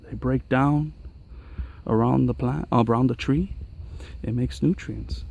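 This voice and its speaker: A man's voice: mid-range voice, measured pace, gravelly, dark tone, breathy edge. A man giving an enthusiastic, chatty outdoor tour of his pepper garden for viewers. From Los Angeles area. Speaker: gardening vlogger. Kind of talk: casual garden walkthrough vlog. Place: outdoors on a mountain trail garden.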